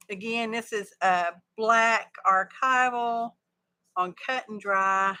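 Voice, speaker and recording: A woman chats through a craft livestream, thinking out loud as she works. Her voice is bright and clear, and she takes her time, drawling through relaxed, folksy asides. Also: on the high side, takes it slowly. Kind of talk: casual craft livestream chat.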